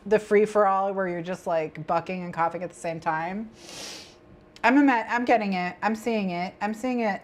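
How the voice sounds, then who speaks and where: A woman hosting a co-working stream, chatting with viewers and her cat, giggling and repeating herself. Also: mid-range voice. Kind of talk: casual stream chat.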